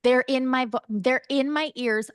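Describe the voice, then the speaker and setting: A woman's voice: high-pitched, unhurried, clear, resonant tone, no room sound, studio quality. A woman podcast co-host in casual chat, oversharing and telling stories with lots of energy. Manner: chatty, oversharing, animated storyteller.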